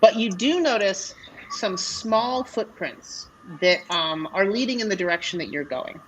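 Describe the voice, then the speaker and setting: Brief: relaxed woman game master, mid-pitched, um-filled narration, faint hiss. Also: unhurried, low-quality recording. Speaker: dungeon master.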